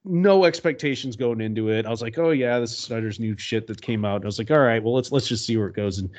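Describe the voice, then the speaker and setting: A man's voice: mid-range voice, fast talker, a little mellow. A man co-hosting a casual movie podcast, sardonic and swearing freely, laughing often. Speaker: podcast co-host. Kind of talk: casual chat.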